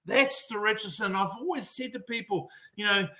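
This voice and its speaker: A man's voice: high voice, normal speed, few pauses. A middle-aged man from New Zealand with a New Zealand accent, a mental performance coach telling stories bluntly with a lot of swearing in a casual podcast chat. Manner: blunt, heavy swearing, animated storytelling.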